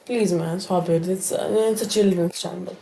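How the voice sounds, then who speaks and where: Rambling woman with a mellow voice. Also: on the low side, normal speed, creaky, a little hiss or hum. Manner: rambling, animated retelling with many fillers and restarts. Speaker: YouTuber telling a story. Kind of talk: casual story time.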